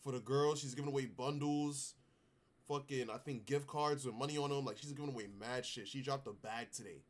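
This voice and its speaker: A young streamer with a New York accent rambles in loose slang between clips. He talks at an ordinary middle pitch in relaxed, offhand asides. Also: brisk. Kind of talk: casual live-stream reaction.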